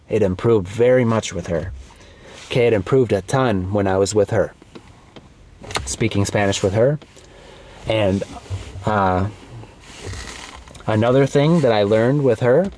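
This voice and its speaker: A man teaching to learners, speaking slowly and clearly, repeating words and checking in with "okay?". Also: fairly low pitch, darkish tone. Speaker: English teacher. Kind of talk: slow, clear comprehensible-input lesson.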